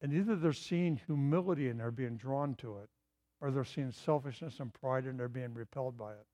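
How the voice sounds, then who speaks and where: A man's voice: mid-range voice, a little fast, dark tone, lo-fi sound. A middle-aged man preaching a sermon in an earnest, emphatic way, driving points home through repetition. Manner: earnest, emphatic, repeats key phrases.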